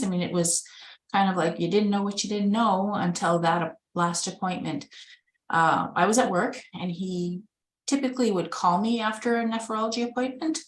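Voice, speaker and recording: A woman from Winnipeg, Canada, a caregiver and organ donation advocate, telling her own story over a video call in an earnest, conversational way and acting out remembered dialogue. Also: mid-range voice. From Winnipeg, Manitoba, Canada. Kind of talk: personal storytelling in a webinar. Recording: echoey room.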